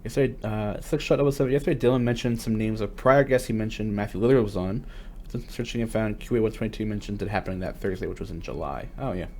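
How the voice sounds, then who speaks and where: A man's voice: lowish voice, fast, a little mellow. A man hosting a casual livestream, chatting loosely with lots of fillers and reading out viewer questions. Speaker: stream host.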